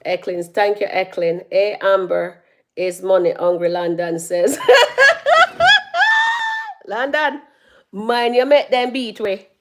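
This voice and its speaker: A woman doing casual live-stream commentary on her phone. She chats with her viewers, reads out their comments and breaks into loud laughs. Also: medium pitch, unhurried, a little hiss or hum. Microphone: phone held at arm's length.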